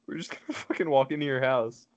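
A man's voice: medium pitch, fast, darkish tone, lo-fi sound. A man in casual chat with friends, teasing and swearing often.

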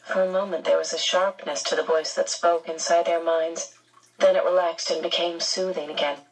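A woman narrating an audiobook in a measured, unhurried storytelling manner. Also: on the low side, steady tone, far from the mic, low-quality recording.

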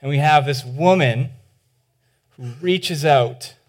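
With a fairly high pitch and an unhurried pace, a pastor gives an animated, informal sermon. He often restarts sentences, says "like" frequently, and acts out the voices within his stories.

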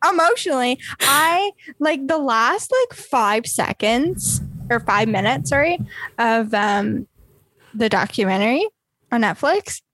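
A young woman co-hosting a podcast, chatting casually with lots of fillers and quick laughs. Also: on the high side, expressive, a bit bright. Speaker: podcast co-host. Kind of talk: casual chat.

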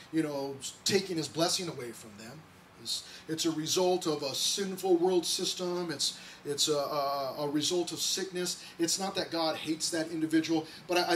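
A high-pitched man preaches in a church with excitable, conversational energy, often restarting his sentences mid-thought. He is picked up from a distance, with faint noise underneath. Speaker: pastor. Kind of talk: sermon. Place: church sanctuary.

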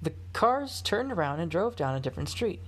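A woman reading a children's storybook aloud, measured and expressive. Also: fairly low pitch, slight background noise. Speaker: storybook reader.

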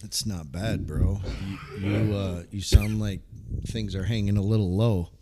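A man's voice: on the low side, steady tone, unhurried, a loud crowd. A man co-hosting a casual podcast, easygoing and laughing at his own jokes. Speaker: podcast co-host. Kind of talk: casual chat.

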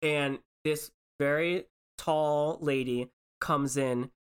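A woman's voice: deep voice, takes it slowly, clean tone. A woman telling a story in casual chat, acting out the people in it. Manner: animated storytelling with acted-out voices.

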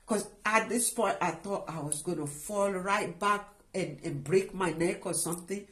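A middle-aged woman giving an emotional personal testimony, halting and restarting often as she speaks. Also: fairly low pitch, a bit bright. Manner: halting and emotional, with many restarts and trailing phrases. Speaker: guest sharing a personal testimony.

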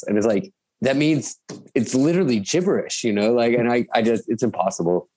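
Speaking briskly with an expressive, mid-range voice and a dark tone, this man in his thirties is a guest musician talking from home in Bavaria. The chat is casual and rambling, full of fillers and restarts.

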